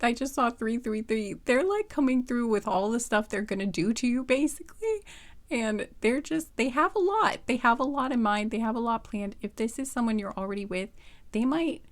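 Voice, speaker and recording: A flustered, giggly woman reads tarot cards in a casual, rambling way, restarting her sentences often. Her voice sits a little high, and she speaks close to the microphone. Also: moderate pace. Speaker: tarot reader. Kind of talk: casual pick-a-card tarot reading.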